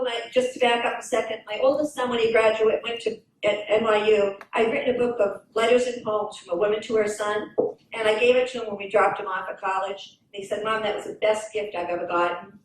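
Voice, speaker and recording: A woman's voice: medium pitch, a little hiss or hum. Older woman speaking in an echoey hall. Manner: earnest, storytelling, pauses and restarts. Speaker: guest speaker. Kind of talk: personal talk with read-aloud poem. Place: banquet hall at a fundraising event. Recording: echoey hall, mic from far off.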